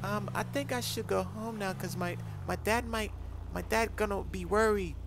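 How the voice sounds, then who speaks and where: A man's voice: high-pitched, moderate pace, creaky, noisy background. A man voicing a naive young boy who wants to join a gang, eager but timid.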